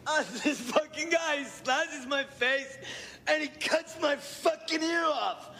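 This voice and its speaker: An actor playing a scared wounded hostage who is crying, in a film clip. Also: male voice, extremely high pitch, slow, sharp tone, heavily acted. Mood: sobbing rage.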